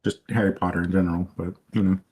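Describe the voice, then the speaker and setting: A man's voice: deep voice, little pitch movement, fast, a little mellow, slightly rough. A playful man co-hosting a podcast in casual chat, laughing often. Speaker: podcast co-host.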